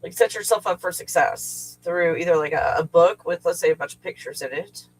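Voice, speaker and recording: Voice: medium pitch, brisk, slightly rough, low-quality recording. A middle-aged host talks off the cuff on a livestream, wandering from point to point. Swearing comes easily and often, in a loose, venting, conversational way. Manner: rambling, profane, venting with frequent swearing. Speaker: livestream host and remote viewing teacher. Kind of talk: casual livestream chat. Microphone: livestream setup.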